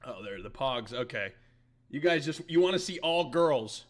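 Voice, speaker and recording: A man's voice: medium pitch, expressive, moderate pace, a little hiss or hum. A young man hosting his podcast on a live stream, rambling casually and talking back to his chat.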